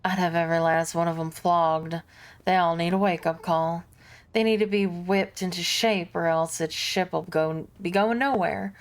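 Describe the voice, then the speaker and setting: A woman voicing a gruff veteran male starship helmsman in a put-on Southern American accent, blunt and folksy. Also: fairly low pitch, fairly even intonation, normal speed, natural voice. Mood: scornful. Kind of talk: reading game dialogue aloud.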